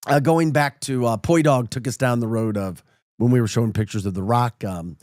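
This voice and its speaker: A man's voice: mid-range voice, a little fast, darkish tone, dry recording, studio quality. A man hosting a casual morning radio show with a St. Louis accent, chatty and laughing at his own stories. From St. Louis area, Midwest.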